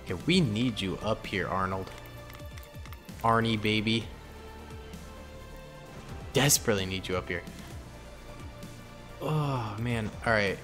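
A man's voice: lowish voice, slow pace, long pauses, fairly bright tone, faint music behind. A young man giving casual gameplay commentary, chatting to himself and pleading with his units. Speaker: gaming YouTuber.

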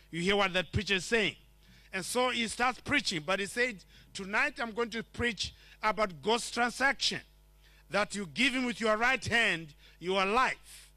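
Male preacher from Zimbabwe, high and bright, dry close sound, storytelling testimony. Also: no echo. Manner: storytelling, acts out quoted lines. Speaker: preacher sharing his testimony. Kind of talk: testimony sermon. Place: church.

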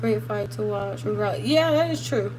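A woman's voice: mid-range voice, animated, moderate pace, background noise. A young woman chatting casually on a livestream, answering viewers while moving around her kitchen, laughing and emphatic. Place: home kitchen.

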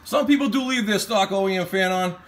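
A man hosting casual chat in a garage while working on a truck, animated and joking, laughing often. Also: sits high, brisk, a little hiss or hum. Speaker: host. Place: home garage.

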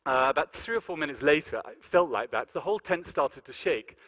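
A man's voice: fairly high pitch, fairly quick. A man giving a comic storytelling lecture to an audience in a large hall, acting out his own lines. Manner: animated, comic storytelling with acted-out quotes.

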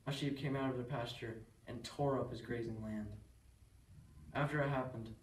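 A man recites a first-person poem in a plain, earnest voice. His pitch is ordinary. The sound is distant and echoey, with a faint noise behind it. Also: steady tone, moderate pace. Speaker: student reader. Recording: echoey room from far off, faint background noise.

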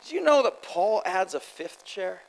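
A man preaching a sermon at a church conference, animated, swinging between loud exclamations and quiet asides, quick and repeating himself. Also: sits high, vocal fry, rough recording. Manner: quick, with repeated words and restarts. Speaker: guest preacher.

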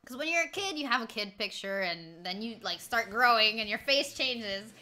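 A woman's voice: a little high, animated, normal speed, sharp tone. A woman in her twenties chatting casually with her stream viewers, rambling through stories, laughing often and greeting chat along the way. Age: 20s. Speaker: livestreamer.

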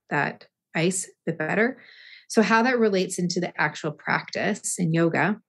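Woman guest, yoga movement teacher, measured and deliberate delivery, slightly low pitch. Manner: slow, deliberate, with restarts. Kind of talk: thoughtful interview answers.

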